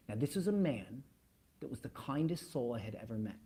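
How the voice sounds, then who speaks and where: A man's voice: medium pitch, sing-song, fairly quick, dark tone, slightly rough. A man speaking as a motivational speaker, telling a story to an online audience, emphatic and repeating words as he builds up, then dropping almost to a whisper. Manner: emphatic, with dramatic drops to near-whispers.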